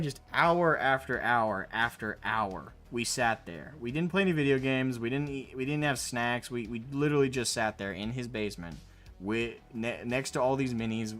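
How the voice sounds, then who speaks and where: A man streaming while painting miniatures, telling a long casual story in a rambling, animated way with the odd swear word. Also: mid-range voice, moderate pace. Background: faint Gregorian chant music.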